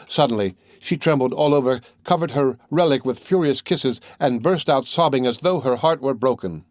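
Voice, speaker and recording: A man's voice: mid-range voice, moderate pace, a little mellow, dry recording, studio quality, natural voice. A man voicing a grieving woman who tells a sad tale in an earnest, storytelling way. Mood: sorrowful. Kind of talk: scripted narration.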